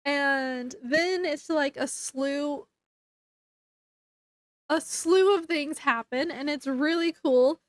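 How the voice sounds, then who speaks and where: A woman's voice: high voice, takes it slowly, pauses often, no echo. A woman giving a casual book review at home, retelling the plot in a rambling way with lots of fillers.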